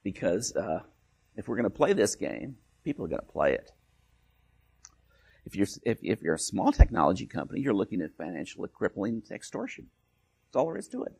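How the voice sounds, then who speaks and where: A man's voice: on the low side, creaky, slightly rough. A male lecturer giving an academic talk in a joking way, with frequent restarts and "right?" tag questions.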